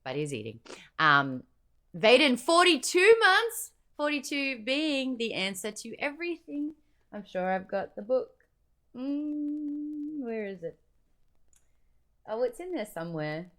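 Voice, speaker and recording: A tired, sleepy Australian woman hosts a book club live stream, her fairly high voice very animated, a little slow and slightly bright. She chats playfully and thanks viewers by name.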